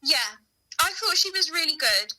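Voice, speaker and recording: A woman in a casual chat as co-host, reacting with giggles and animated exclamations. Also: very high voice, normal speed, poor audio.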